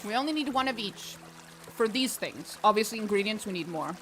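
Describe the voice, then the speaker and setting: A woman streaming a video game, chatting casually, excitable and swearing, often breaking into laughs. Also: mid-range voice, brisk, over music. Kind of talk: casual gameplay commentary.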